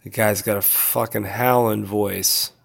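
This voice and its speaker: A tired vlogger, yawning, gives his followers a casual update in a lowish, steady voice with vocal fry at a measured pace. He's laid-back and meandering, filling his rambling talk with fillers.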